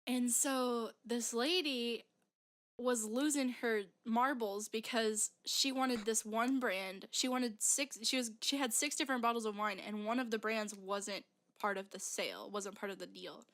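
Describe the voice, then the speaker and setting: A woman's voice: on the high side, a little slow, fairly bright tone. A young woman telling a story as a podcast co-host, rambling and full of "like" fillers. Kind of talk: casual chat.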